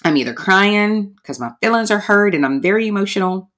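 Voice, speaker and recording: A woman's voice: medium pitch, animated, a little fast, bright, forceful tone. A woman hosting a podcast, talking candidly and casually to her listeners, calling them y'all. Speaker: podcast host.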